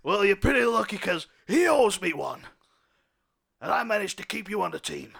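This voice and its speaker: A man voicing a stressed, balding, overweight police captain who yells in exasperation. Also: high-pitched, very animated, normal speed, vocal fry, husky, pitched above the performer's own voice, full character voice. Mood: exasperated yelling. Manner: bellowing, exasperated yelling.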